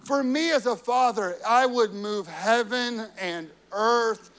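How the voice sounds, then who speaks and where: Earnest high-voiced male preacher. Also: slow, fairly bright tone, clean tone. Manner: earnest, personal storytelling, fillers like "you know". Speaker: pastor. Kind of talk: sermon.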